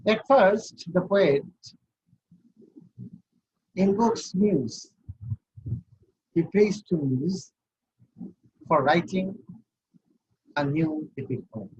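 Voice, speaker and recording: A man's voice: on the high side, husky, lo-fi sound. A man giving an online university class, explaining step by step and counting things out. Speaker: university lecturer.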